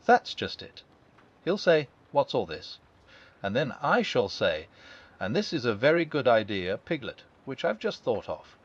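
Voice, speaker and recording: A man voicing a gentle, simple-minded male bear who thinks things through slowly and earnestly in a storybook reading. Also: mid-range voice, big pitch swings. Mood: thoughtful. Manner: slow, thoughtful, earnest. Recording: dull lo-fi.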